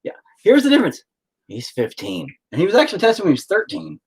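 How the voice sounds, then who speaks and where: Man, middle-aged, husky, animated pitch, joking dad banter, casual live-stream talk. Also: quick pace.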